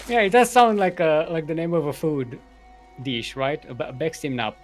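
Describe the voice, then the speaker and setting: A man casting a live strategy game tournament, giving running commentary in a goofy, playful way and laughing at his own jokes. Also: on the high side. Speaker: esports caster.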